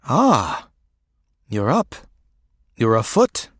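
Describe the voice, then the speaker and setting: A man voicing a powerful, motherly woman with a deep, soft, musical voice, speaking tenderly and steadily in an audiobook. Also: huge pitch swings, very slow, no room sound, clean studio sound, full character voice. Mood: gentle.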